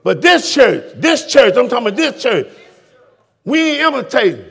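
Preacher man, high gravelly voice, yelling at the congregation in church. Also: big pitch swings, normal speed. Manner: fiery, shouting, calls out to congregation. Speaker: pastor. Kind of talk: sermon. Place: church sanctuary.

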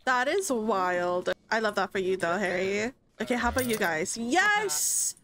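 A young woman casually commenting on a life-simulation game, chatty and excitable, often voicing her characters' thoughts. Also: mid-range voice, a little slow. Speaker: gaming streamer. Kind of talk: casual let's-play commentary.

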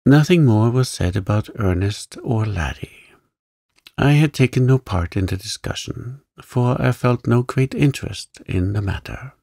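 A man narrating a bedtime story in a soft, soothing, gentle way. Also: mid-range voice, unhurried, gravelly, dry recording, clean studio sound.

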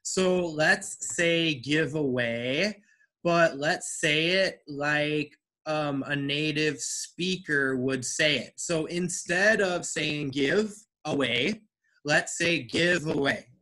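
A man teaching an online English class, speaking slowly and deliberately. His voice is bright and forceful. He is patient and encouraging and explains step by step over a video call. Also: a little high. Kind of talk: online language lesson.

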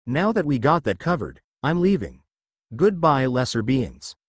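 A man's voice: mid-range voice, very animated, a little slow, husky, dry recording. A man reading the lines of an arrogant teenage boy who believes he is a god, speaking with scorn and condescension in his own voice. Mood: contemptuous.

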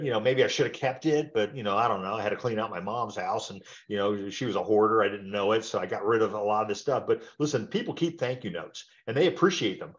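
The sound is lo-fi as a webinar presenter in his sixties, voice on the low side, runs an informal training session. His delivery meanders conversationally, punctuated by tag questions to check in.

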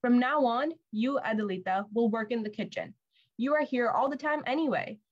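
A woman's voice: fairly high pitch, moderate pace, highs cut off, close to an everyday voice. Woman playing a haughty, jealous stepmother. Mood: cold scorn.

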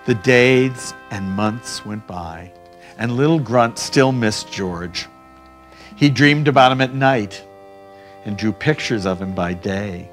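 A man reading his own picture book aloud, animated and expressive. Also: lowish voice, takes it slowly, soft background music. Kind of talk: storybook read-aloud.

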